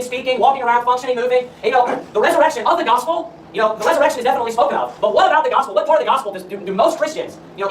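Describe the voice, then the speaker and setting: Man, preacher, very fast sermon delivery, emphatic, rhetorical questions, reverberant room, distant mic. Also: very high-pitched. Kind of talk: sermon with scripture reading. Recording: roomy echo, far from the mic, faint room noise.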